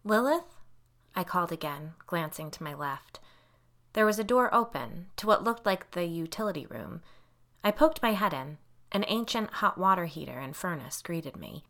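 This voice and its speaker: A woman reading a first-person novel aloud as an audiobook narrator, in measured storytelling. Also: on the low side, expressive, a bit bright.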